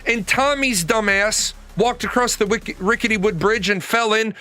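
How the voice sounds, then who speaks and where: A man in his forties, a streamer, telling stories in a profane, animated rant. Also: high-pitched, normal speed. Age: 40s. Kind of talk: ranting casual talk.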